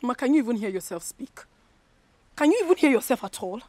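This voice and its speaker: A woman's voice: a little high, animated, fast, darkish tone, dry recording. An actress with a Nigerian accent playing a weary young wife, emotional and pleading with her mother. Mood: upset. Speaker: unhappy wife.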